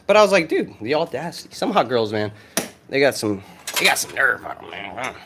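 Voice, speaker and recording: Brash, excitable young American man. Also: mid-range voice, a little fast, noisy background. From United States. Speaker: dating vlogger answering viewer questions. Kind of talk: casual vlog talk. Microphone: phone.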